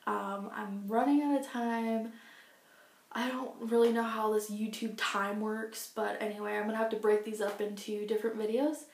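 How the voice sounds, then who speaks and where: A woman's voice: medium pitch, level tone, moderate pace. Heartfelt young woman in echoey bathroom. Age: 20s. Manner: heartfelt, rambling, frequent fillers. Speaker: vlogger. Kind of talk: personal video diary. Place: small bathroom at home.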